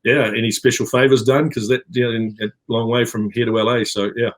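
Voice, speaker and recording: A middle-aged actor with a New Zealand accent chats as a guest in a casual interview, rambling with plenty of fillers and restarts. He speaks briskly in a mid-range voice with a level tone.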